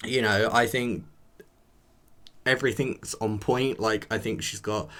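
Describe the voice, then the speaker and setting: A man's voice: on the low side, unhurried, bright, forceful tone. A man reviewing a TV episode in a chatty, rambling way, talking straight to his viewers. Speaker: show reviewer. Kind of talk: casual chat to camera.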